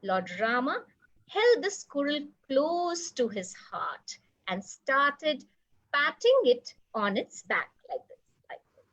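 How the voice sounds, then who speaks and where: A woman storyteller telling a children's story, animated and asking the children questions. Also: on the high side, slightly rough, rough recording.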